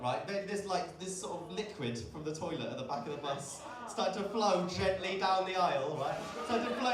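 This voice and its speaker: A man doing a stand-up comedy set in a pub, chatting with the crowd, swearing often and checking in with "right?" as he tells his stories. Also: sits high. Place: comedy pub stage before a live audience. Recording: echoey pub room, distant mic, audience laughter.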